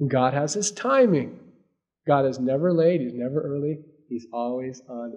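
A man preaching a sermon, swinging between loud emphasis and hushed asides. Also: medium pitch, normal speed, highs cut off. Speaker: pastor.

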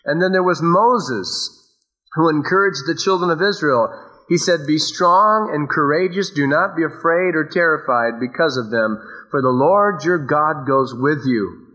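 A man's voice: a little high, bright, forceful tone. A man pastor delivering a conversational sermon, mixing scripture readings with playful everyday asides. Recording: slightly dull lo-fi recording.

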